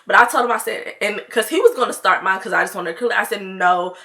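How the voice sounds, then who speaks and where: Bright, chatty woman telling a story. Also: mid-range voice, lively intonation, racing, creaky. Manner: chatty, laughing asides, addresses viewers. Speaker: storytime vlogger. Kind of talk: casual storytime chat.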